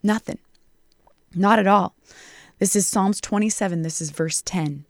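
Woman, podcast Bible teacher, earnest and emphatic, slow scripture reading, dry close sound. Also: medium pitch, dry recording. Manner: earnest, reads scripture slowly and warmly emphatic.

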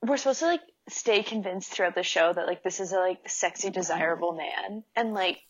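Woman, casual podcast chat, animated, filler-heavy, slightly muffled sound. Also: fairly low pitch, a little fast. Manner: animated, says "like" a lot, laughs often.

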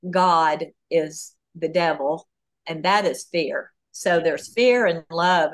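Animated woman guest in a podcast interview. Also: on the low side. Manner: animated, talks through ideas with many fillers. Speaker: author and guest.

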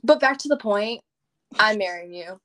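A woman's voice: mid-range voice, animated, moderate pace, pushed and bright. A young woman chatting casually in a playful, dramatic, teasing way. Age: young adult. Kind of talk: casual chat.

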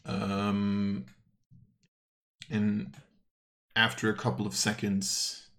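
A man narrating as game master of a tabletop game, rambling and hesitant, with many fillers and self-corrections. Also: on the low side.

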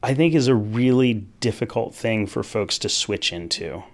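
Appreciative, low-voiced male podcast host. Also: moderate pace. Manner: appreciative, reflective. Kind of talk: interview conversation.

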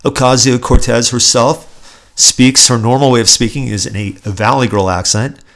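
A man's voice: medium pitch, steady tone, normal speed, vocal fry, fairly bright tone. A man from California, hosting a political podcast with sarcastic, indignant commentary. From Southern California, USA. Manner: indignant, sarcastic, emphatic with repeated restarts. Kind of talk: opinionated solo commentary.

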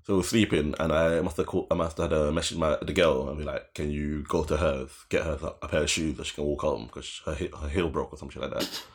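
A man's voice: a bass voice, steady tone, fast talker, breathy edge. A young man telling a long story in casual podcast chat. He rambles, swears, laughs often and acts out the voices in his story.

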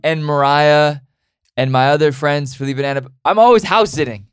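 A man's voice: fairly high pitch, brisk, clean tone, no room sound. Young guy ribbing his friend, dry quips, dead close mic. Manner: teasing, playful, dry asides. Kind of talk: casual conversation.

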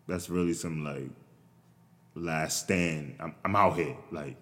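Male host, very low voice, profane rambling comedic rant with incredulous squeaks, long reverb tail. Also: normal speed. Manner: profane, rambling, jumps to shrill incredulous outbursts.

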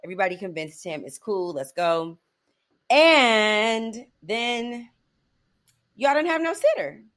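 Expressive middle-aged woman, lively pitch. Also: takes it slowly. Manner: expressive, acts out quotes. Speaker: podcast co-host. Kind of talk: casual chat.

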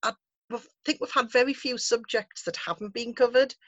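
A woman hosting a casual chat podcast, chatty and quick to laugh, snacking as she talks. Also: a little high, steady tone, a bit bright, dry recording. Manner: chatty, laughs often, eats while talking. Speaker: podcast host.

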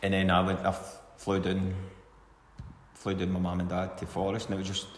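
A man's voice: deep voice, completely flat delivery, brisk. A middle-aged Scottish man, a former footballer, telling rambling anecdotes in a casual interview and chuckling now and then. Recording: echoey room with long reverb, faint hiss.

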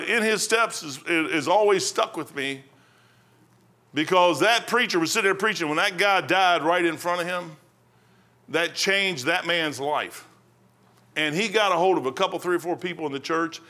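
Older preacher man, folksy and plain talking, kinda high voice, bright and punchy. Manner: plain-spoken, folksy preaching with rising outbursts. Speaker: pastor. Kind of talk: sermon.

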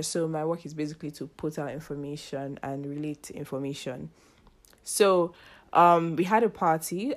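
A woman's voice: deep voice, a little mellow. Chatty young woman podcaster. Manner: chatty, laughs often, acts out quoted dialogue. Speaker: podcast host. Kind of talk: casual chat.

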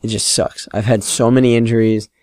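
A teenage guy talks alone into his podcast mic in a fairly low voice, the sound dry and close. He rambles through his stories and mocks himself, swearing freely along the way. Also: level tone, a little fast, a little mellow, no echo. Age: late teens. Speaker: podcast host. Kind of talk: casual solo podcast storytelling.

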